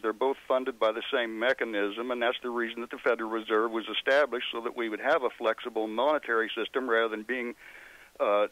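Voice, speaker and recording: A man from Oklahoma calling in to a radio show, plainspoken and steady. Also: medium pitch, no room sound. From Oklahoma, USA. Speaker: caller. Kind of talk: phone-in radio call. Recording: dull lo-fi phone line, dry.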